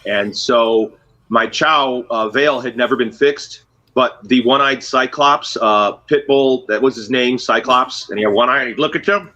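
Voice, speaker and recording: A man's voice: mid-range voice, normal speed, dull audio. A man telling jokey stories in casual chat on a video call. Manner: lively, jokey storyteller. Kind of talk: casual chat on a live stream.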